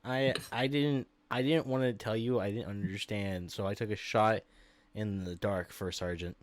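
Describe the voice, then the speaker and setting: A man co-hosting a podcast from his room, making dry, deadpan quips. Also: fairly low pitch, moderate pace. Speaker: podcast co-host. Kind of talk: casual podcast chat. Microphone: home microphone.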